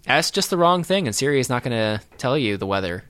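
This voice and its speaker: A man's voice: mid-range voice, sing-song, fast talker, a bit bright. A man co-hosting a podcast, chatting casually about a movie, rambling and laughing with lots of fillers. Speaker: podcast co-host. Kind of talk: casual movie-riffing chat.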